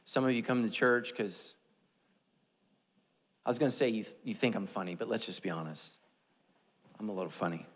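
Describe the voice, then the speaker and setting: A man's voice: lowish voice, steady tone, moderate pace, pauses often, a bit bright. Joking conversational male pastor in an echoey hall. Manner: humorous, self-deprecating, conversational. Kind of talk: sermon.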